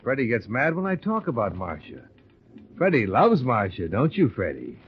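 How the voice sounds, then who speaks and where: A man's voice: mid-range voice, wildly swooping pitch, normal speed. A man playing a hard-boiled detective who also narrates, wry and clipped, in 1940s radio acting. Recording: dull noisy old radio recording.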